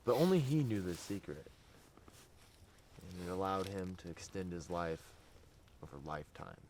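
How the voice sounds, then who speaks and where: A man's voice: sits low, lively intonation, moderate pace, a little mellow, slight background noise. A young man telling an ominous campfire story to friends.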